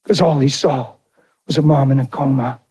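A middle-aged man preaching a sermon through an animated, folksy personal story. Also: medium pitch, moderate pace, husky. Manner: animated, folksy, drawls into dramatic retellings.

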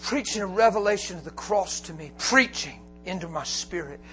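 A man preaching a storytelling sermon, animated and often laughing, breaking into shouts for emphasis. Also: sits high, normal speed, soft background music.

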